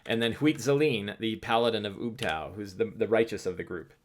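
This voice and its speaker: Casual low-voiced man chatting on stream. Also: a little fast, a little hiss or hum. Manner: loose, rambling, many restarts. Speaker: host answering live chat. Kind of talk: casual livestream talk.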